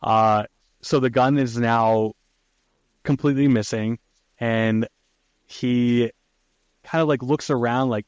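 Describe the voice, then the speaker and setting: A man on a podcast loosely retelling a film plot, with swearing and frequent "uh"s and "like"s. His voice is low, and the recording is dry and close with no room sound. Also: level tone, unhurried, dry recording. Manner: casual, profane, many fillers. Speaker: podcast host. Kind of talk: casual movie recap.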